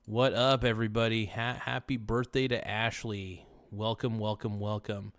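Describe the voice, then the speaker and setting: A man's voice: lowish voice, little pitch movement, moderate pace, hardly any pauses, a bit bright. A man hosting a casual livestream, rambling and joking with viewers in chat. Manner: rambling, jokey, chants silly phrases. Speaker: livestream host.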